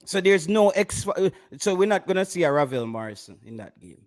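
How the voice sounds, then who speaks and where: A man's voice: sits high, very animated, brisk. A man in a casual sports chat, asking questions and laughing easily.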